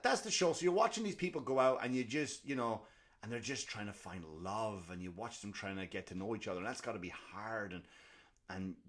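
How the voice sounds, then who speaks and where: Rambling, profane male podcast comedian. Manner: rambling, profane, self-deprecating, swings from low mutters to loud bursts. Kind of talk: casual comedic rant.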